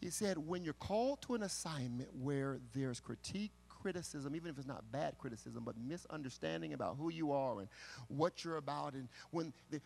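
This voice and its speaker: A pastor preaching a live sermon at a church service, impassioned and building to forceful rhythmic declarations. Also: male voice, a little high, creaky. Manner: impassioned preaching with repeated calls of "listen to me".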